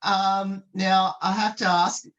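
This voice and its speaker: A man's voice: high-pitched, level tone, slow, fairly bright tone, lo-fi sound. A man hosting a sports radio show, who wraps up an interview in a friendly way with frequent filler "uh"s. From Australia.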